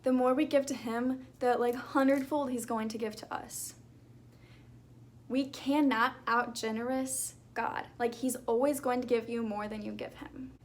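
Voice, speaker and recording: A young woman vlogger talking earnestly about her faith in a chatty, casual way, with lots of fillers. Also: on the high side. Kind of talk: casual talk to camera.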